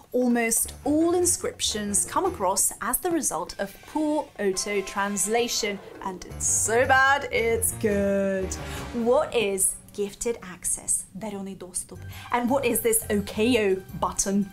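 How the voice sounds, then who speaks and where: A woman narrates a scripted countdown in a playful, wry tone. Her voice sits on the higher side and she takes her time over each point. Soft music plays faintly underneath. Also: animated, measured pace. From Russia. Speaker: host.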